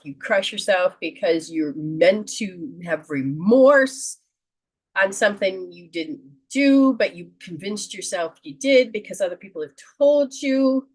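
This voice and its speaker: Woman host giving a spiritual reading; slow, earnest, counseling delivery, slightly low pitch. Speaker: host and metaphysician.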